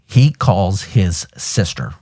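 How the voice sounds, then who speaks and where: A deep, low-pitched American man in his fifties, a retired police officer hosting a podcast, tells a story from his time on the force. His conversational storytelling is blunt and animated, with casual swearing and acted-out sounds from the scene.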